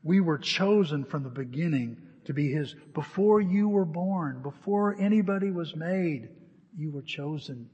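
A man preaching a sermon, telling a story with lively back-and-forth dialogue before turning to scripture. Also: on the high side, unhurried, slightly rough, big-room sound, muffled recording. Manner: animated storyteller acting out both sides of phone calls. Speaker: pastor.

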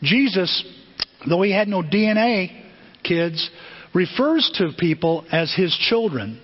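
Older male preacher, animated storyteller, raspy high voice, long reverb and muffled sound. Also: takes it slowly. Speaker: pastor. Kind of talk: sermon. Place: church sanctuary. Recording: dull long-reverb church hall.

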